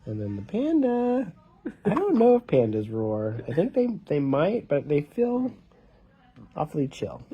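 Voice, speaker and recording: A man's voice: on the high side, wildly swooping pitch, unhurried, breathy edge, lo-fi sound. A man reading a picture book aloud to his baby in a casual home video, joking about what noises the animals make.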